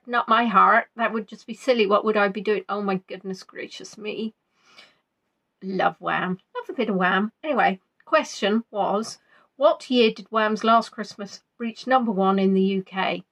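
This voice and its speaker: A woman's voice: on the high side, fairly bright tone. A woman hosting a casual quiz stream, chatty and playful as she reads out viewers' answers. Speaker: quiz host.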